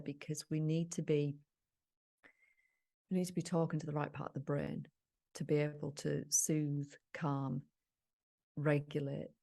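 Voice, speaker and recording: A woman's voice: low-pitched, gravelly, warm tone. A woman co-hosting a podcast, explaining ideas in a thoughtful, casual way with frequent restarts. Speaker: podcast co-host.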